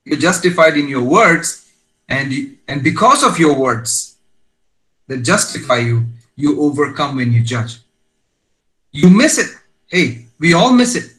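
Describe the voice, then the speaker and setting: A man's voice: on the high side, big pitch swings, measured pace, a bit bright, poor audio. A man preaching a sermon as pastor, emphatic and storytelling, with rising exclamations.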